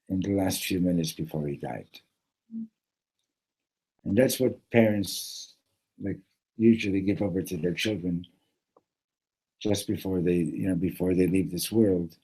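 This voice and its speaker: A man teaching a Torah class at a yeshiva. He talks haltingly, repeats words, slips in Hebrew phrases and keeps asking his students "right?". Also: sits low, mellow, slightly rough, low-quality recording. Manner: mixes Hebrew phrases into English.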